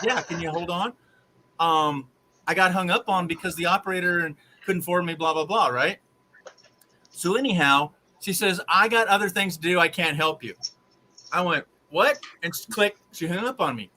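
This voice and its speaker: A man hosting a live stream, telling a long rambling story in an exasperated, animated way. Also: high voice, moderate pace, a little hiss or hum, poor audio. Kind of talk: casual storytelling to live viewers.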